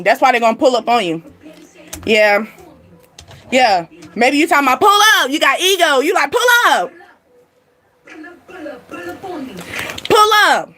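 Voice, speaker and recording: Faint music plays beneath this high-voiced woman, a sassy spiritual reader hosting her channel. Animated and quick to laugh, she gives viewers a casual reading while speaking directly to them.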